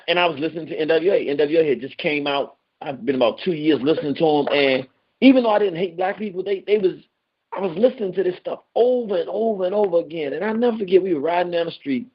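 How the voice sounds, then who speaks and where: A man hosting a call-in radio show, talking animatedly with his callers and telling stories. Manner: animated, jumps high in pitch when excited. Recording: dull lo-fi radio sound.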